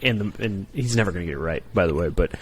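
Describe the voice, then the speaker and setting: A man, a Marine gunnery sergeant and former recruiter, telling stories on a podcast in a profane, animated way that keeps checking in with "right?". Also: deep voice, rapid-fire, slight background noise. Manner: profane, animated storyteller, peppers talk with "right?". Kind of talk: casual podcast storytelling.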